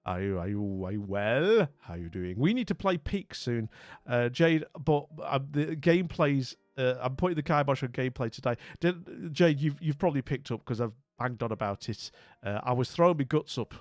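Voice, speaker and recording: In a relaxed live stream, a northern English man talks at a normal speed in a mid-range voice with lively intonation. He rambles, restarts, and greets viewers warmly while sounding a little weak from being sick. The recording is dry.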